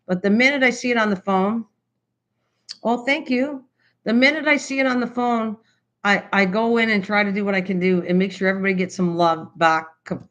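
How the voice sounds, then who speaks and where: An older woman with a Canadian accent chats away to her viewers in a loose, rambling way. She restarts her sentences often and leans on fillers. Her voice sits at a middling pitch, and she sounds hyper and excited. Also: muffled recording. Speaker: craft channel host. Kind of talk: casual live-stream chat.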